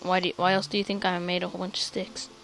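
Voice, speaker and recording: Goofy excitable woman gaming host. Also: fairly low pitch, fast, gravelly. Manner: goofy and excitable, bursts into sing-song chants. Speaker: let's play host. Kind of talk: casual gameplay chat.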